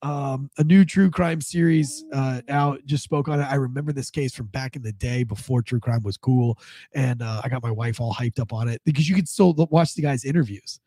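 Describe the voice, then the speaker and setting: A man's voice: medium pitch, a little fast, dark tone, no echo. A man hosting a casual news commentary show with a stuffed-up head cold, rambling with many fillers and restarts. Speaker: host.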